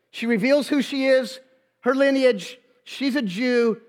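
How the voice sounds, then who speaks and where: High-voiced preacher retelling a story with humor. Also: male voice, unhurried. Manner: lively, humorous, slangy retelling. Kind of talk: storytelling sermon. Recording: long hall reverb.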